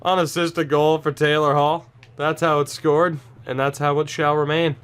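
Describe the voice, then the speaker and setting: A man giving casual commentary over his own video game match, tired and sarcastic, breaking into sudden excited outbursts. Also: on the high side, moderate pace, smooth. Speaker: gaming YouTuber.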